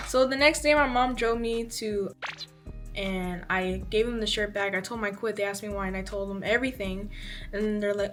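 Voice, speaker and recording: A woman in her twenties, a vlogger, chats casually to the camera as she tells a story, acting out her own reactions with lively emphasis. Her voice sits a little high and moves a little fast.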